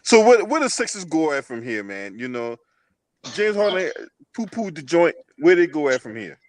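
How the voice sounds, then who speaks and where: A man's voice: fairly high pitch, very animated, moderate pace. A man hosting a casual sports chat, loose and slangy, swearing freely. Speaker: podcast host.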